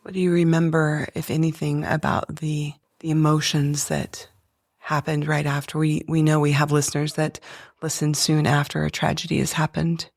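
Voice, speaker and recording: A woman podcast host asking gentle, careful questions, with halting restarts. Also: low voice, flat delivery, gravelly, no room sound, studio quality. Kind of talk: interview questions.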